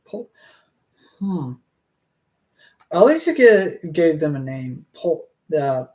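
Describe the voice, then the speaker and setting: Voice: mid-range voice, sing-song, slow, long pauses, dark tone. A streamer reading a fantasy book aloud to a live chat, breaking off into rambling, hesitant asides full of restarts.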